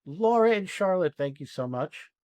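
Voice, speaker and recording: Animated male acting coach, dry sound. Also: sits high, normal speed, no room sound. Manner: animated, acts out quoted lines in lively bursts; casual, swears, tag questions like "right?". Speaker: acting coach and podcast host. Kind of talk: coaching feedback after an exercise.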